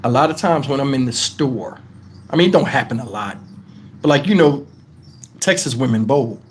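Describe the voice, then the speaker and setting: A man's voice: mid-range voice, moderate pace, slight background noise. A man hosting a live stream, telling casual profane stories and laughing along. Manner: animated, profane, laughs through his stories.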